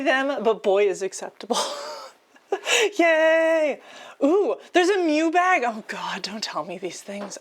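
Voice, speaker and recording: Excitable giggly woman streamer, lively pitch. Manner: excitable and giggly, often laughing mid-sentence; chatty, addresses viewers as y'all and chat. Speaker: live streamer. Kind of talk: casual live-stream chat while cooking.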